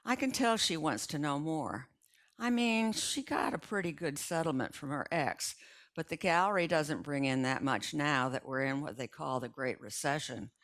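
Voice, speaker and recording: An older woman reads a short story aloud to her neighbors, telling it in a chatty first-person voice. Her voice sits low, easy and conversational. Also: moderate pace, a bit bright. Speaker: resident reader.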